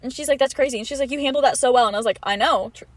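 A young woman co-host spins a long story in casual chat, talking fast in a slightly high voice. She fills it with "like" and plays out each quoted line as she goes. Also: no room sound. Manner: storytelling, quoting others with many "like"s. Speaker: podcast co-host.

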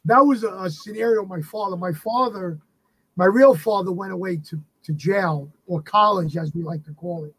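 A man in his fifties, a guest entertainer, telling animated anecdotes in a casual interview with frequent restarts. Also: sits high, normal speed, husky, low-quality recording. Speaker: guest entertainer and tribute performer of a famous singer.

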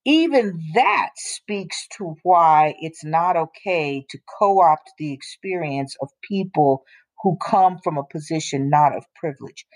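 A woman with a fairly low voice co-hosts a casual talk show. She speaks bluntly and with emphasis, slowing down to drive her points home. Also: lively intonation. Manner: emphatic, blunt, drops into slow deliberate points. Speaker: co-host. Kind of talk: casual opinion chat.

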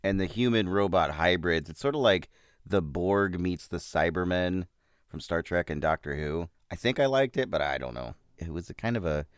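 Deep-voiced man rambling through a movie review. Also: lively intonation, normal speed, clean tone. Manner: rambling, loose, with fillers and chuckles. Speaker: podcast host reviewing movies. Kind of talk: casual movie review monologue.

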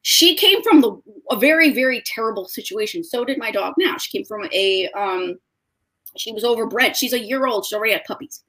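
A woman's voice: fairly high pitch, brisk. Tearful young woman telling an emotional story. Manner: emotional, tearful storytelling with lively quoted voices. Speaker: guest, dog owner. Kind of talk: casual video-call interview.

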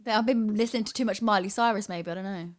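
A woman's voice: medium pitch, racing. A young English woman hosting a podcast, chatting casually, giggly and self-deprecating. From England. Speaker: podcast host and radio presenter. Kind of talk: casual chat.

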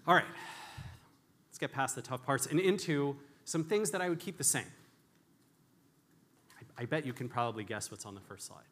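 A man tells stories from the stage in a candid, self-deprecating keynote talk. His voice is bright and forward, and his pitch sits in a middle range. He often restarts his sentences as he thinks aloud. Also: expressive, normal speed, pauses often. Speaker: conference speaker.

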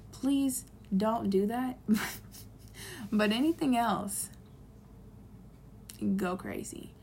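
A woman's voice: mid-range voice, creaky, mellow, slight background noise. A young woman giving an earnest, rambling, heartfelt self-help monologue.

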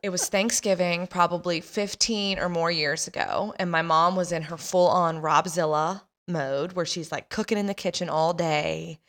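A chatty woman in her thirties hosts a podcast and tells a story about her family. She laughs often and acts out the voices of the people in it. Her voice sits a little on the low side. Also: steady tone, moderate pace, hardly any pauses, a bit bright. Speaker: podcast host telling a story. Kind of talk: casual storytelling.

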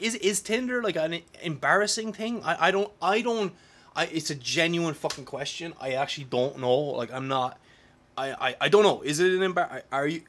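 A man in his thirties rambles to camera in a loose, unscripted vlog. He swears freely and trips over his own restarts as his thoughts pile up, and his voice sits at an ordinary middle pitch for a man. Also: fairly bright tone. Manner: profane, rambling, frequent restarts and filler words. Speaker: vlogger. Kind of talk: casual rambling monologue.

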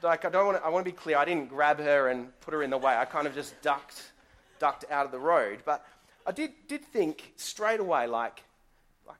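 A man's voice: fairly high pitch, animated, normal speed, fairly bright tone. Guest pastor, male, chatty live church sermon full of rhetorical questions. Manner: conversational storytelling with rhetorical questions.

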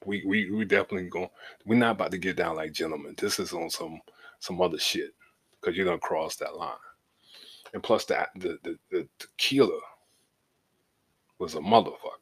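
Husky-voiced man, middle-aged, podcast host, low register, casual and profane storytelling. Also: normal speed, pauses often. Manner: loose and profane, leaning on "you know what I'm saying"; shifts from laid back to heated as the story builds.

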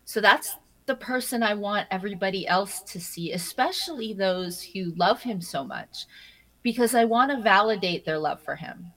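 A woman being interviewed, telling stories in an animated way, often laughing and repeating her first words as she starts a thought. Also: mid-range voice, normal speed, poor audio. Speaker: interview guest. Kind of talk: casual interview conversation.

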